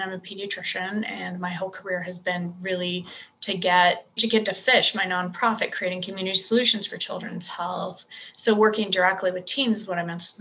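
A woman's voice: medium pitch, sharp tone, rough recording. A middle-aged woman hosting a casual solo podcast, chatty and upbeat with joking asides. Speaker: podcast host, pediatrician.

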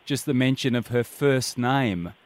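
A man's voice: medium pitch, unhurried. A man hosting a breakfast radio show, asking playful questions of a guest. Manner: jokey, upbeat interviewer. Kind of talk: casual radio interview.

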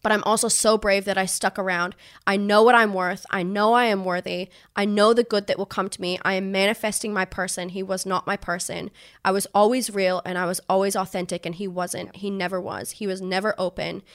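A woman's voice: mid-range voice, steady tone, brisk. Emotional young woman telling a raw story. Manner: emotional, swears freely, acts out quoted voices. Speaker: podcast guest. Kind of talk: candid conversational storytelling.

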